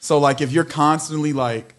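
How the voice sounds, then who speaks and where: A man co-hosting a podcast, chatting casually with an animated, joking manner. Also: on the high side, moderate pace, soft background music. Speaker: podcast co-host. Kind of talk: casual chat.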